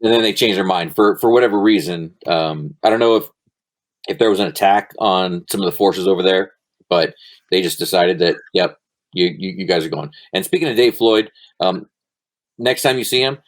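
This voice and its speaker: Middle-aged male guest with a lowish voice; relaxed, rambling anecdotes with fillers and swearing. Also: moderate pace. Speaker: guest, former Army Ranger. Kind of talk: casual storytelling interview.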